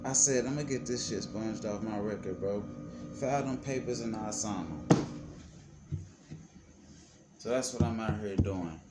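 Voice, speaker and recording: A man vlogging, telling his own story in a heated, emphatic and profane way, his pitch swinging widely as he talks. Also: unhurried, long pauses. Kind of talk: casual storytelling to camera. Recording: clear background noise.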